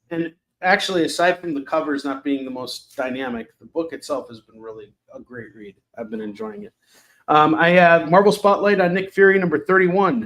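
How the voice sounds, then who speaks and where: Casual male stream host, a bit higher-pitched, sarcastic and chatty, talking up cheap comics live. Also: a bit bright. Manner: sarcastic, joking, chatty with many fillers. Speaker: live shopping show host selling comics.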